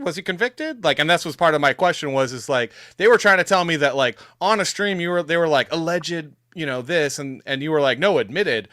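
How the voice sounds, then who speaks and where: A man's voice: a little high, fairly bright tone, dry recording, studio quality. A man chatting in a casual debate, joking and rambling as he talks.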